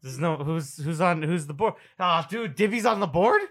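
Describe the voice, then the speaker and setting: A man's voice: fairly high pitch, expressive, moderate pace, fairly bright tone. A young man playing a tabletop game, joking, laughing and swearing casually with friends. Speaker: player.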